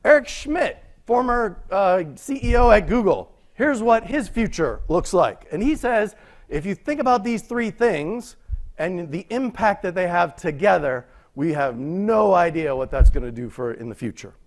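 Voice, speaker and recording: Male conference speaker, slightly high voice, casual, rhetorical questions. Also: expressive, a little slow. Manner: conversational, rhetorical questions, frequent "right?". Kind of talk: conference talk. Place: lecture room.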